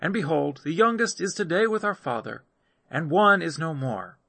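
A man's voice: fairly high pitch, very animated, normal speed, vocal fry, bright, forceful tone, no echo, pitched above the performer's own voice, heavily acted. A man reading aloud, voicing a group of frightened brothers who plead and protest their honesty. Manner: pleading, anxious.

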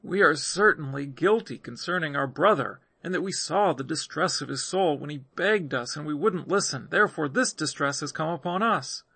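A man's voice: a little high, expressive, normal speed, creaky, few pauses, pushed and bright, slightly rough, dry recording, voice pushed up, exaggerated voice. A man reading aloud, voicing a group of frightened brothers who plead and protest their honesty. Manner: pleading, anxious.

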